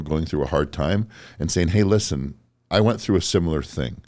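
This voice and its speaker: Deep-voiced blunt male podcast host. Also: darkish tone, dry recording. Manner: blunt, swears freely. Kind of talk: casual interview storytelling.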